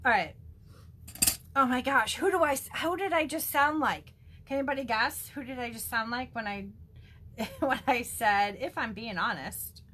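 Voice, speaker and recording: A woman's voice: high voice, moderate pace, fairly bright tone, slight background noise. A woman chatting through a casual card-making demo, gushing and full of ums. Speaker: stamping demonstrator.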